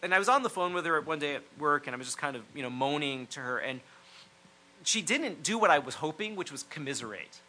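A man preaching a sermon, earnest and reflective, often dropping to a near hush to stress a point. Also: on the high side, low-quality recording. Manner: earnest, reflective, drops to near-hushed phrases for emphasis.

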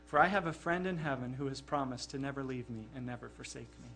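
A man voicing a calm, defiant archbishop who gives quiet, steady replies in a sermon story. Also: mid-range voice, fast talker, slight background noise, pitched below the performer's own voice, natural voice. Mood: calm defiance.

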